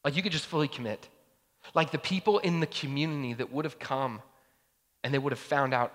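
A man's voice: a little high, brisk, pauses often, fairly bright tone, big-room sound. A man preaching a sermon as pastor in a casual, conversational way, full of fillers like "like" and "right?", recorded in a church.

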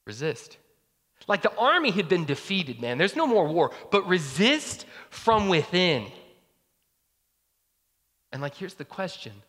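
A man's voice: high-pitched, big pitch swings, measured pace, long pauses, a bit bright. Man preaching casually in a reverberant hall. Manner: casual, conversational preaching with many fillers. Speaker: pastor. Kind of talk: sermon.

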